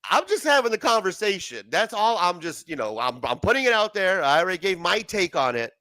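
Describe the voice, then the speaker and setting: A man's voice: high voice, very animated, a little fast, bright, forceful tone, no room sound. Laughing, crude-talking man hosting a livestream. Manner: crude, laughing, swears a lot. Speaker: livestream host. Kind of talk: casual late-night livestream chat.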